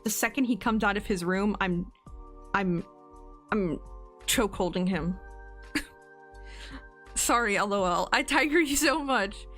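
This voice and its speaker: A woman's voice: mid-range voice, slow pace, long pauses, a bit bright, soft background music. A woman in her twenties, streaming casually and reading out birthday messages, giggling and getting emotional as she goes. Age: 20s. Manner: giggly and emotional, laughing often.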